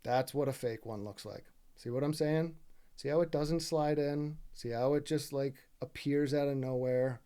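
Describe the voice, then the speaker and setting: A man's voice: mid-range voice, steady tone, moderate pace, warm tone, clean tone. A man giving casual, exasperated commentary over gameplay footage, swearing freely and asking "right?" often. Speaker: gaming video creator.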